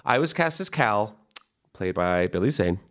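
Animated man telling a campy story. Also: lowish voice, unhurried. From San Antonio, Texas. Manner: animated, camp, laughing at own jokes. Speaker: podcast host. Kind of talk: casual comedic storytelling.

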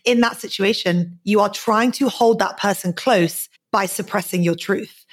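A woman's voice: mid-range voice, a little slow, slightly rough. A woman hosting a podcast, reflective in her talk and asking her guest questions. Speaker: podcast host. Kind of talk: podcast conversation.

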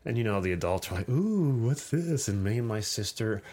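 A man's voice: on the low side, fairly even intonation, fast. A man hosting a podcast, telling a long childhood story in a rambling way and swearing freely. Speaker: podcast host. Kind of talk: casual podcast chat.

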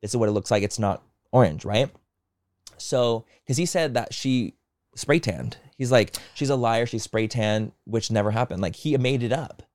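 A man co-hosting a podcast, retelling online drama in rapid, animated bursts and acting out quoted people. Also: mid-range voice, no echo, clean studio sound. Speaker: podcast co-host. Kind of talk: casual gossip chat.

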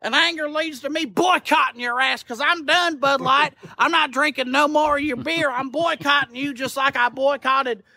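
A man's voice: very high-pitched, normal speed, gravelly, hardly any pauses, bright, forceful tone, pitched above the performer's own voice, exaggerated voice. A man playing a boastful redneck who boycotts a beer brand, with a Hoosier twang and a brash, crude, blustering delivery in a comedy sketch video.

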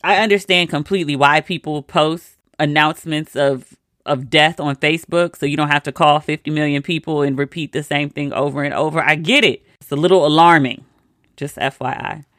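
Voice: mid-range voice, fairly quick, a bit bright, no echo, studio quality. A host telling a personal story in a casual monologue, with wry, incredulous asides.

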